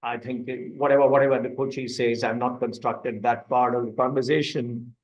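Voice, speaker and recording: A coaching instructor leads an online masterclass, explaining step by step and putting questions to the audience. His voice is medium-pitched with fairly even intonation at a moderate pace, and the audio sounds dull.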